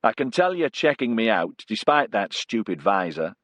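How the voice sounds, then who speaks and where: A man's voice: lowish voice, normal speed, no echo. A man voicing a laconic Mancunian woman soldier. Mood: dry. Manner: laconic, even. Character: cool, dry young British woman soldier.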